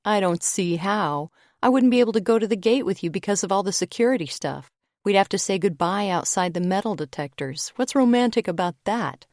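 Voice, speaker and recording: A woman voicing a sulky young man, the narrator's boyfriend, speaking flat and grudging in an audiobook. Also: mid-range voice, fairly quick, no echo, clean studio sound, lightly acted. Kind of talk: audiobook character voice.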